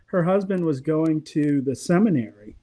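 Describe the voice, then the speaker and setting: A man's voice: a little high, expressive, normal speed, dark tone. A middle-aged man, a voice actor and comedy writer, telling stories in a rambling way and chuckling often in a casual chat.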